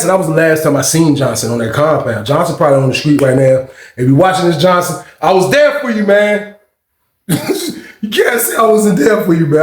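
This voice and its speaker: A man in his thirties telling a prison story in a loose, profane, animated way, acting out the other people's shouts as he goes. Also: a little high, roomy sound. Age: 30s. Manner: animated, swearing, acts out shouts and screams of others. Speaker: storyteller host.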